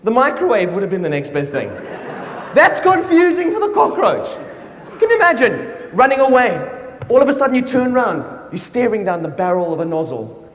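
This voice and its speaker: A man does a stand-up routine on stage in a large, echoey hall, spinning animated stories with playful asides as the live audience laughs. His voice sits high and fairly bright, with huge pitch swings and a brisk pace.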